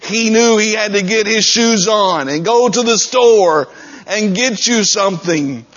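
A pastor man delivers a sermon in a conversational, direct way, with a husky voice pitched a little high. He talks plainly to his congregation. The recording is dull and lo-fi. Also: a bit bright.

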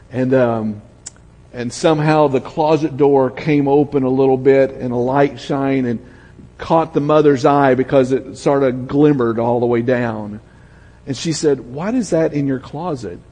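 Older Southern male pastor, husky, storytelling sermon, long church reverb. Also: mid-range voice. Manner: storytelling, drops to a soft hush for emotional moments.

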